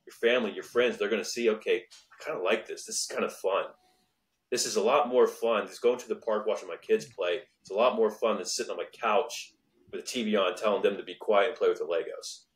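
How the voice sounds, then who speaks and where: A man's voice: on the low side, fairly even intonation, fast talker. A man in his thirties hosting a podcast, speaking earnestly and motivationally, repeating points for emphasis. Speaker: podcast host. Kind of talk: casual podcast conversation.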